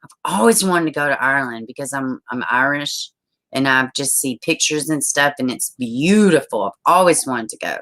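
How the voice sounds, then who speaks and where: A woman hosting a casual live stream, reading news stories and viewer comments aloud, chatty and quick to laugh. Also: extremely low pitch, animated, a bit bright. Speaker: livestream host.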